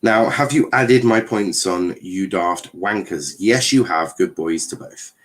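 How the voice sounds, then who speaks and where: A man's voice: low-pitched, measured pace. A young man, casually commentating a live football watchalong, swearing, joking and reading chat aloud. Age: young adult. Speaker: watchalong streamer.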